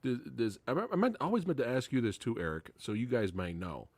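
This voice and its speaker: A man's voice: medium pitch, big pitch swings, fast talker, no echo. A man in a casual chat who laughs often and stammers his way into questions.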